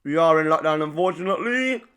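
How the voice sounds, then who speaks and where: A man's voice: fairly high pitch, expressive, quick pace, fairly bright tone, clear, resonant tone. A young man, chatting casually to camera while eating in a mukbang vlog. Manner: chatty, eats between lines. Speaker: vlogger.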